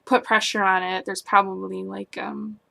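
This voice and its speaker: A young adult woman talking through her worries in a personal vlog, rambling and anxious, often trailing off into quiet. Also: medium pitch, level tone, normal speed, creaky. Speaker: vlogger.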